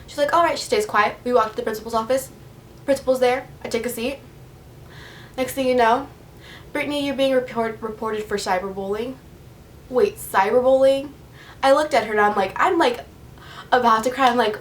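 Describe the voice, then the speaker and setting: Young woman, casual storytime vlog, animated quoted voices, a little far from the mic, faint background hiss. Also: brisk. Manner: animated, acts out quotes with pitch jumps. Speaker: vlogger. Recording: slightly distant mic with faint noise.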